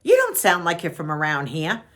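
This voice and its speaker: A woman's voice: lowish voice, wildly swooping pitch, moderate pace. A woman voicing a tipsy, chatty woman in her forties who complains at a slot machine. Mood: chummy.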